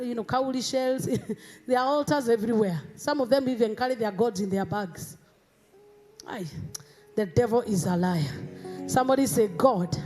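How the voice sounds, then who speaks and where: A Kenyan woman pastor delivering an emphatic sermon in a church, rising to shouts. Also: a little high.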